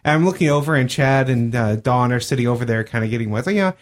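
A man's voice: medium pitch, steady tone, fast talker. A man co-hosting a podcast, telling an anecdote in casual chat with care for details. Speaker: podcast co-host.

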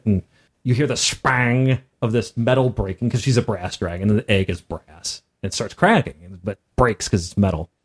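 A man's voice: on the low side, moderate pace. A man who runs tabletop games, recounting a session in casual chat and acting out the characters as he goes. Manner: animated storyteller who acts out characters. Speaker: game master.

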